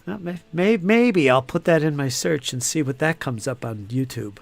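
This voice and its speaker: A man's voice: fairly high pitch, expressive, normal speed, creaky. A man hosting a live painting stream, chatting casually and teasing viewers as he reads their comments aloud. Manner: joking, teasing chatter with frequent laughs.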